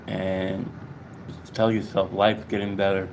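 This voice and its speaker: A man vlogging to his subscribers in a rambling, halting way, out of breath and repeating himself. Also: on the low side, steady tone, background noise. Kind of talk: casual heartfelt monologue to viewers.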